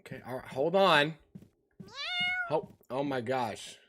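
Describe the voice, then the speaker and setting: A man's voice: mid-range voice, animated, slow pace, noisy background. A man streaming live, chatting with viewers in a loose, slangy way that often trails off. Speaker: livestreamer.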